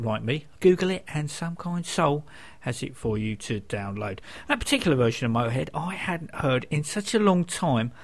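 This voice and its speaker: A man hosting a radio music show, chatting between songs with dry, wry asides. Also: on the high side.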